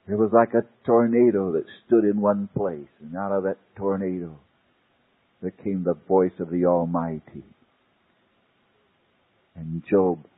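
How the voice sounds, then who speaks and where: Husky man preaching over a tinny line. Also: sits low. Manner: dramatic swings from loud to hushed. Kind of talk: sermon. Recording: tinny phone-like old sermon tape.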